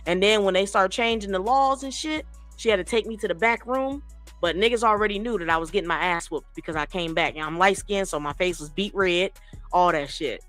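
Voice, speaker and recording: A woman host telling childhood stories in casual chat, animated and profane, acting out other people's voices. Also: mid-range voice, brisk, faint music behind.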